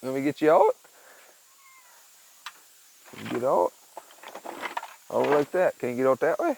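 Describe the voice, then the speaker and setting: A man in his garage talking casually to his viewers, rambling and swearing, and cooing at his cat in a high voice. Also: huge pitch swings, normal speed, gravelly, darkish tone, a little hiss or hum, low-quality recording. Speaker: vlogger. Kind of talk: casual monologue to camera.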